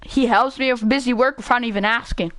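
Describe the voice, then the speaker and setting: A woman's voice: on the high side, steady tone, a little fast, a bit bright, no echo, lightly acted. A woman reading aloud as a bubbly, clumsy schoolgirl best friend from a visual novel game, in a chatty, upbeat way.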